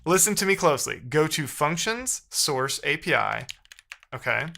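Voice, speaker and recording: Male streamer, talks through his debugging in a casual, slightly high, bright voice with dry sarcasm. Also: very animated, moderate pace, gravelly, faint music behind. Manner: thinks aloud while debugging, sarcastic banter with chat. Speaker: live-streaming programmer. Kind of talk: casual live-stream coding commentary.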